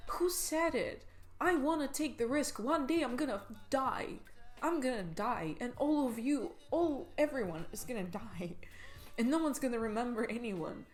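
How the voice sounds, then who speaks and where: Young woman vlogger ranting in a fired-up pep talk, a bit high-voiced, swears a lot, soft music behind. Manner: passionate, emphatic, swears for emphasis. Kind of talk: podcast-style pep talk.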